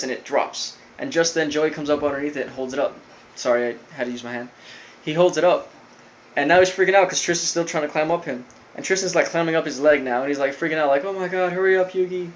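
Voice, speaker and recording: Young male reviewer, chatty and rambling, voice sitting a bit high. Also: a little hiss or hum, rough recording. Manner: rambling, filler-heavy storytelling with lots of "like". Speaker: video reviewer. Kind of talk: casual episode recap.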